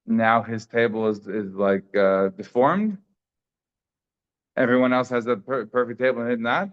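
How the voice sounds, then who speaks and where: A man's voice: medium pitch, unhurried. A man giving a daily Talmud class in a conversational way, thinking aloud with frequent restarts. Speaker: Talmud teacher. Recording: slightly dull lo-fi sound.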